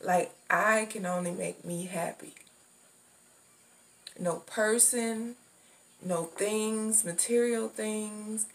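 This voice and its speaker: A woman's voice: medium pitch, steady tone, takes it slowly, long pauses. A woman giving a casual spiritual talk in a loose, repetitive way, swearing now and then. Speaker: spiritual vlogger. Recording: distant mic with clear background noise.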